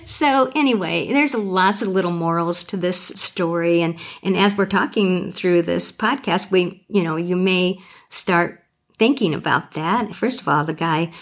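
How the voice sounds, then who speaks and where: A woman's voice: fairly low pitch, a little slow. A middle-aged woman who trains horses, co-hosting a podcast in a folksy, storytelling way. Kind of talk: storytelling and casual podcast chat.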